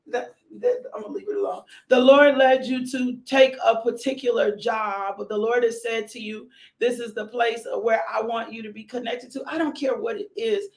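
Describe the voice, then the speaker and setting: Woman, devotional preacher, gravelly voice, echoey room, conversational sermon with emphatic repeats. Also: a little high. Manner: repeats phrases for emphasis, rising to exclamations.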